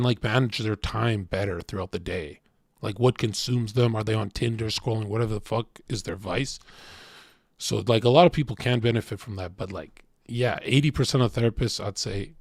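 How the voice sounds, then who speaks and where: A man's voice: lowish voice, dry recording, clean studio sound. A man hosting a podcast, telling stories bluntly and swearing freely. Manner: blunt, profane storyteller. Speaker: podcast host. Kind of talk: casual podcast chat.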